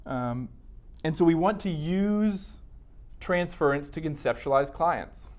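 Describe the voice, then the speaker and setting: A man lecturing a counseling class in a classroom. His voice sits somewhat high for a man, and he keeps things conversational, slipping into quoted inner thoughts as he explains. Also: lively intonation, slow pace, darkish tone. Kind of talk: university lecture.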